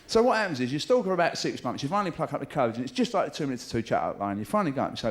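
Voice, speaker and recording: Rapid-fire and very animated, a middle-aged man's mid-range voice carries his live stand-up set in a comedy club. The comedian is chatty, swears, and mimics voices for jokes, with audience laughter behind him.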